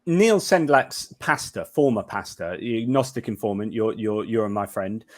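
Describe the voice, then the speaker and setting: A man's voice: on the low side, a little slow. A man, a guest in a casual podcast talk, arguing his points with energy and often searching for words. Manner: lively, argumentative, searching for words. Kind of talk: casual discussion.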